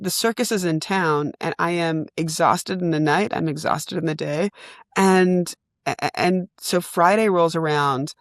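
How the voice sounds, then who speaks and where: A woman co-hosting a comedy podcast, telling a story in animated, casual chat and laughing often. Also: low voice, no echo, clean studio sound. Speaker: podcast co-host.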